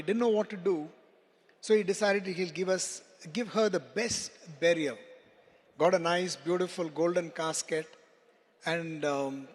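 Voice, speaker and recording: A man giving a keynote, telling a story in an animated, dramatic way to a large hall. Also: high-pitched. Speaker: keynote speaker. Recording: long hall reverb.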